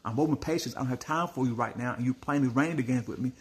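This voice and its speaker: A man telling a story to his viewers in a blunt, animated way, calling them family. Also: mid-range voice, fast, few pauses. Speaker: small business owner vlogging.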